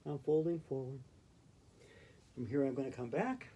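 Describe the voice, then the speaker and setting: Mellow playful man guiding yoga. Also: medium pitch, animated, normal speed, breathy edge. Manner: playful, gentle, chatty guiding. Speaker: yoga instructor. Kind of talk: guided yoga instruction.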